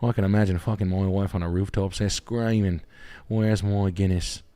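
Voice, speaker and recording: A lowish male voice, loose and profane, hosting a live stream where he reacts to house listings. He swings into excited, swearing riffs and jokes as he goes. The delivery is casual chat rather than polished presenting. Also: fast talker. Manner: excitable, heavily profane, jokey riffing. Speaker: realtor and stream host.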